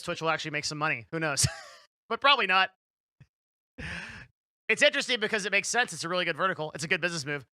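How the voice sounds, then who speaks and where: A man's voice: on the high side, sharp tone, no echo. A young man giving casual commentary, rambling with many restarts and fillers.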